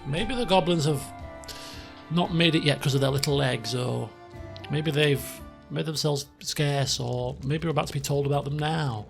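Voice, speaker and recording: A man giving casual, chatty, excitable gameplay commentary as a let's play host at a desk microphone. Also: fairly high pitch, normal speed, creaky, soft background music. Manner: chatty, excitable, self-mocking.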